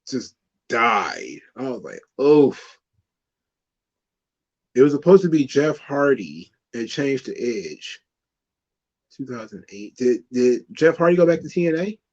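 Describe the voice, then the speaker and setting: This man speaks at a medium pitch, and the recording has its highs cut off. As a podcast host doing casual wrestling talk, he rambles, curses, and laughs often while spinning stories on his laid-back show.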